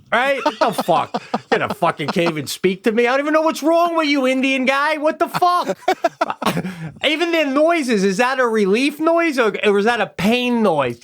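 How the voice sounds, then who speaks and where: A man's voice: very high voice, a bit bright. Profane man riffing comic rants. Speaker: podcast co-host. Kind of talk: casual podcast chat.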